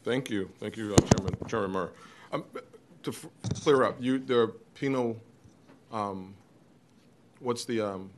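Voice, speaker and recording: Halting man chairing a committee hearing. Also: lowish voice, heavy background noise. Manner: procedural, halting when asking questions. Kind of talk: formal committee procedure. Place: legislative hearing room.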